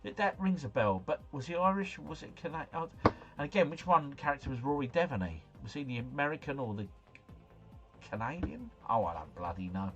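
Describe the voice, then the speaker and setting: A man's voice: mid-range voice, expressive, fairly quick, muffled recording, over music. A man hosting a livestream, casually thinking aloud through quiz answers in a slangy, rambling way. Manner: chatty, musing aloud, slangy. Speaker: livestream host.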